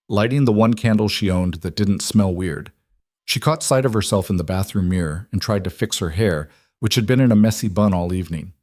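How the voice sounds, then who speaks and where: Brief: male audiobook narrator, low voice, measured, dry close-mic read. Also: darkish tone, dry recording.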